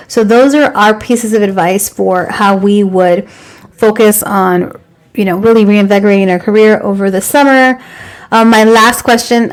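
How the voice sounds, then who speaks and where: A woman hosting a podcast in casual chat, upbeat as she gives advice and asks her co-hosts questions. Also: medium pitch. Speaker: podcast host.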